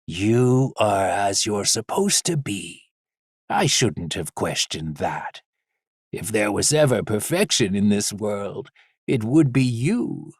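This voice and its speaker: A man voicing a gentle, fatherly android inventor who speaks softly and tenderly. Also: medium pitch, huge pitch swings, slow pace, creaky, few pauses, slightly rough, dry recording, clean studio sound, full character voice. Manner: soft, tender.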